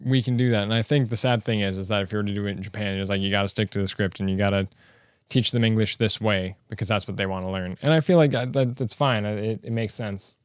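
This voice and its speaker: A man's voice: on the low side, steady tone, fast talker, clear, resonant tone, no room sound, studio quality. A man hosting a solo stream-of-consciousness podcast, rambling along with many fillers and restarts. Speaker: podcast host.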